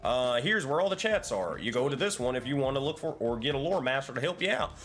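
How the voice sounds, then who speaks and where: A man's voice: medium pitch, big pitch swings, quick pace, a bit bright, pitched above the performer's own voice. A man voicing a brash, swaggering male cowboy officer on an online voice call, drawling and bossy. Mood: welcoming.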